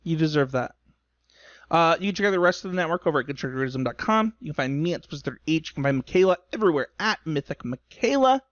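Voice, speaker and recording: A man's voice: a little high, expressive, racing, few pauses, fairly bright tone, dry recording, highs cut off. A rambling, emotional podcast man. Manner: rambling, self-deprecating, emotional. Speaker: podcast co-host. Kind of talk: casual podcast chat. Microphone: remote call recording.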